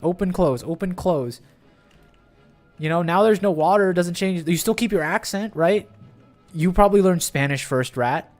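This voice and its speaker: A man's voice: high-pitched, normal speed, soft background music. A man streaming a game, chatting playfully and animatedly with friends. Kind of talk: casual chat while playing a game.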